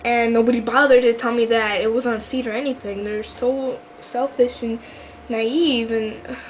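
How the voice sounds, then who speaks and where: A woman's voice: on the high side, a little hiss or hum, rough recording. A teenage girl telling a rambling vlog story, full of fillers and restarts. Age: teens. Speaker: vlogger.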